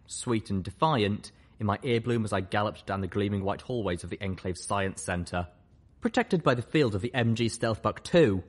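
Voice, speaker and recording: Male audiobook reader with a fairly low voice, measured first-person narration. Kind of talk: audiobook narration of fan fiction.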